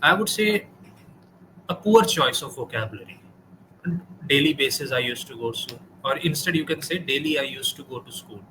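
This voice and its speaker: A man's voice: mid-range voice, animated, moderate pace, sharp tone, slight background noise, low-quality recording. A man with an Indian accent, tutoring a student in spoken English and correcting him directly. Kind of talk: spoken English practice session with feedback.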